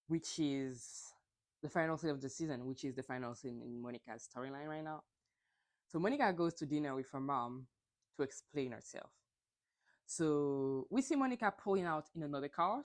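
A woman hosting a casual solo podcast, chatty and gossipy, swearing and acting out quotes in mocking voices. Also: low voice. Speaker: podcast host.

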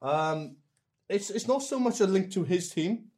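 Slightly high-voiced, enthusiastic podcast man. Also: animated, unhurried, darkish tone. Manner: enthusiastic, friendly banter. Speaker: podcast co-host. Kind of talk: casual chat.

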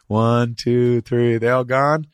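A man hosting a casual podcast chat, telling profane, animated stories and slipping into quick put-on voices. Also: medium pitch, clear, resonant tone, no echo.

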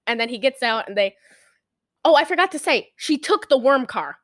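A woman's voice: on the high side, a little fast, no room sound, clean studio sound. A woman in casual chat, animatedly retelling a movie plot and slipping into the characters' lines. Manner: chatty, animated retelling with quoted character voices.

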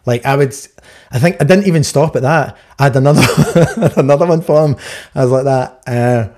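A man's voice: medium pitch, brisk, dark tone. A man co-hosting a podcast, telling cheeky stories and jokes in casual chat and laughing at his own punchlines. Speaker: podcast co-host.

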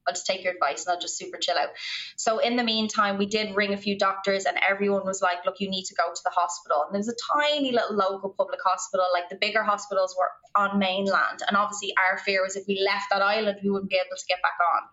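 Bright-voiced Irish woman on a call. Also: mid-range voice, steady tone, fast. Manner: rambling, filler-heavy, lots of "like". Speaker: podcast guest. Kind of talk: storytelling in casual conversation. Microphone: remote call. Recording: lo-fi remote call audio.

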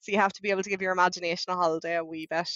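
A woman chatting casually as a book podcast co-host, animated and quick to laugh. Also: lowish voice, dry recording, dull audio.

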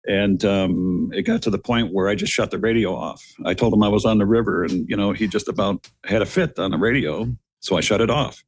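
A man's voice: on the low side, no echo. Middle-aged man telling a dramatic story. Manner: earnest, addresses listeners as gentlemen, repeats words as he builds a story. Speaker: guest, retired police officer. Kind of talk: dramatic storytelling in a podcast interview.

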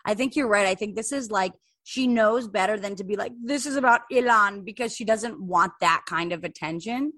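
Woman cohost, fast chatty podcast talk, dry close sound. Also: medium pitch, a bit bright, no room sound. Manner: quick, chatty, talks about astrology. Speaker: podcast co-host. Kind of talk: casual chat.

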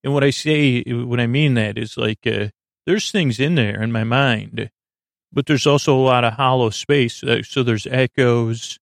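A man hosting a sleep podcast, talking in a soft, lulling, creaky way and wandering off on goofy tangents. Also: mid-range voice, unhurried, dry recording, studio quality. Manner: meandering, self-interrupting, goofy tangents. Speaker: podcast host. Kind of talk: rambling sleep podcast monologue.

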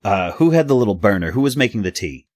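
A man's voice: lowish voice, very animated, fast talker, a little mellow, no room sound, clean studio sound. A man playing a tabletop game in a rambling, stammering way with some swearing. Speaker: player. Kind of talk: tabletop role-play.

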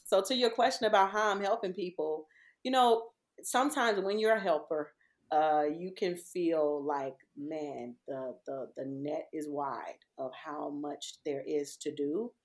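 A woman's voice: sits low, measured pace. A woman in her thirties or forties, a podcast guest chatting casually and telling stories with lots of laughter. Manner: animated storyteller, laughs often.

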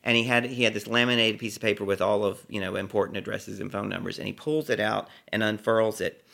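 Animated gravelly male storyteller. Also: on the low side, quick pace. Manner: animated, acts out every character. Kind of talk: live personal storytelling.

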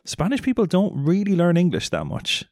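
A man's voice: sits high, wildly swooping pitch, fairly quick, darkish tone, no room sound. Teasing young Irish man, dry close sound. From Ireland. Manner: teasing, easygoing, swears casually. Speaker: podcast co-host. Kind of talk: casual chat.

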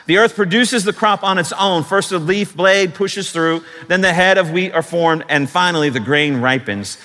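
A man preaching a sermon, building to emphatic, drawn-out declarations and then dropping to softer asides. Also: high voice, big-room sound. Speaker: pastor.

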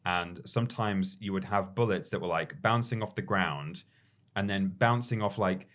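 A man's voice: low voice, moderate pace, a bit bright. A man co-hosting a gaming podcast, speaking casually and meandering with many fillers. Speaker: podcast co-host. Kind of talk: casual chat.

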